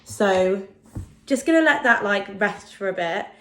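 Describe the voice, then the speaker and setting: Young woman food vlogger, chatty, self-deprecating, relaxed vlog chat, recorded in a roomy echoey kitchen. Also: medium pitch, unhurried, background noise. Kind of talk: casual vlog chat to camera. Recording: echoey home room.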